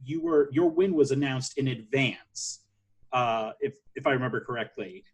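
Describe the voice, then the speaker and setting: Halting male interviewer. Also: medium pitch, slightly rough. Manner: halting, many fillers. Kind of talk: casual interview.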